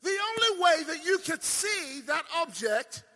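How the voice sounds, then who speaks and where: High-voiced, bright preacher booming through a hall. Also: male voice, big pitch swings. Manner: swings from shouted declarations to low, drawn-out asides; asks the audience questions and leans on repetition. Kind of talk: sermon.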